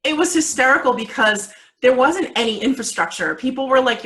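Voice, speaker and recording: Bright-voiced woman telling a story. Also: on the high side, brisk, rough recording. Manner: animated, laughs often, many fillers. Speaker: guest, video marketing coach. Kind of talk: casual storytelling interview.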